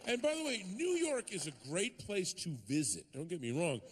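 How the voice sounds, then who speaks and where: A man with a high, tenor voice performing stand-up comedy. His storytelling is animated, with sudden shouted punchlines. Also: moderate pace, slight background noise. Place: comedy stage before a live audience.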